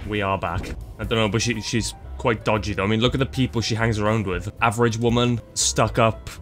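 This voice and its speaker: Jokey young gamer. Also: male voice, on the low side. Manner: jokey, laughs often, teases enemies, repeats phrases. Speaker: gaming streamer. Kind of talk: let's play commentary.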